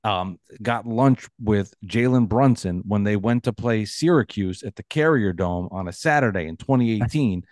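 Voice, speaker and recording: Male podcast co-host, low pitch, stammering restarts, dry intimate recording. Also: a little mellow, dry recording. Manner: halting, many restarts, wry. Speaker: podcast co-host, Nets fan. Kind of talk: casual sports chat.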